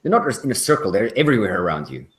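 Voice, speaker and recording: A man running a tabletop role-playing game as game master, narrating scenes slowly and atmospherically. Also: lowish voice, big pitch swings.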